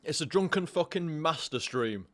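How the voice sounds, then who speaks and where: A man's voice: a little high, expressive, moderate pace, a bit bright, dry recording. A drunk young man streaming a game live, rambling, swearing and stammering over his own words.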